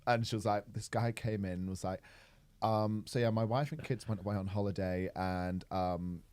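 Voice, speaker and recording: A man's voice: on the low side, steady tone, moderate pace, darkish tone, clear, resonant tone, dry recording. A man, a podcast co-host chatting casually in a blunt, matter-of-fact way with some swearing. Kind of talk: casual chat.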